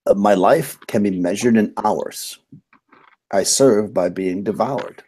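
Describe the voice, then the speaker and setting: A man voicing a stern magic statue in a tabletop game, reciting riddles slowly and deliberately. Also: lowish voice, warm tone, slightly rough. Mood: riddling. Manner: slow, measured riddle recital.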